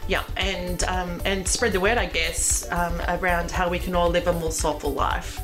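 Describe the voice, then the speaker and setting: A woman's voice: fairly low pitch, fairly even intonation, normal speed, music in the background, poor audio. A woman hosting a casual interview chat, effusive and full of restarts and fillers. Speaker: podcast host.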